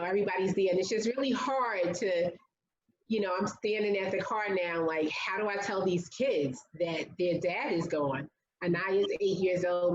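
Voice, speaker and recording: A woman's voice: fairly low pitch, darkish tone, roomy sound, highs cut off, a little hiss or hum. A woman speaking as an interview guest, telling a personal story in a candid, conversational way with lots of "like" fillers. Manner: earnest, conversational, many "like" fillers.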